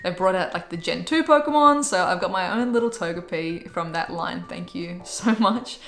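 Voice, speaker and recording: A woman's voice: fairly low pitch, normal speed, a bit bright. A young woman vlogging about her monthly favourites in an upbeat, chatty way, full of "like" fillers. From Australia. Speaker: YouTube vlogger. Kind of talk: casual monthly favourites vlog. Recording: echoey room with faint music.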